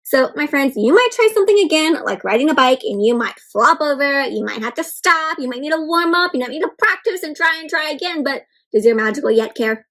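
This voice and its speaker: A woman reading a picture book aloud to children, pausing often to encourage them and ask them questions. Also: high voice, expressive, a bit bright. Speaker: children's storybook reader. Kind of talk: interactive read-aloud for kids.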